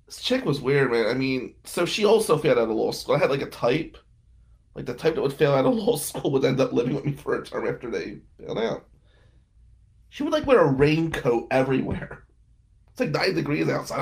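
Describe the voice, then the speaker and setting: A man's voice: on the high side, vocal fry. A man casually telling wry stories about past roommates and girlfriends, with frequent laughing asides. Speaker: podcast guest telling stories. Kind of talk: casual storytelling.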